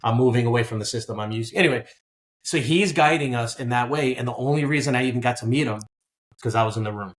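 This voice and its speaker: Animated New man telling stories. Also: mid-range voice, fast. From Queens, New York. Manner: animated storyteller, acts out dialogue. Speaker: guest, business buyer. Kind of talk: conversational interview.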